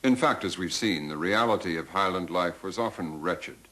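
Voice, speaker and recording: A man giving measured, deliberate scripted documentary narration. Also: low-pitched, pushed and bright, rough recording.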